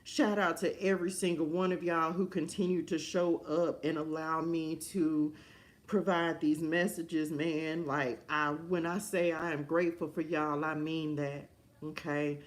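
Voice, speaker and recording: A woman's voice: low-pitched, level tone, unhurried. Fervent woman giving a motivational message. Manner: fervent, preacher-like repetition. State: emotional. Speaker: live-stream host and life coach. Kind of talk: motivational live-stream message.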